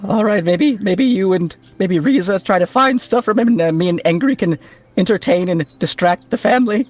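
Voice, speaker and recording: Brief: player, man, high voice, stammers and restarts. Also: normal speed, a little mellow, soft background music. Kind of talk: casual tabletop play.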